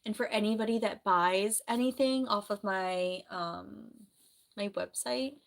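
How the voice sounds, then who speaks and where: A woman streams live in a casual, rambling chat and reads out comments as she goes. She speaks softly at a middling pitch, and her sore throat makes her clear it now and then. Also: unhurried. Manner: chatty, rambling, soft-spoken.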